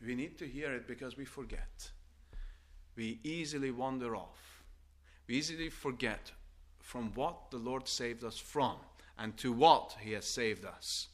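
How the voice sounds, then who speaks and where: An older man preaching a sermon, earnest and halting at times, rising into forceful appeals with repeated questions. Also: medium pitch. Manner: halting restarts and stammers.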